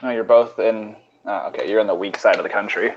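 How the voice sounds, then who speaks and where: A man's voice: lowish voice, steady tone, fast. A young man from California chatting casually and crudely, talking in loose rambling sentences with frequent restarts. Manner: laid-back, rambling, stammering restarts. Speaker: podcast co-host. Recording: lo-fi voice call with faint noise.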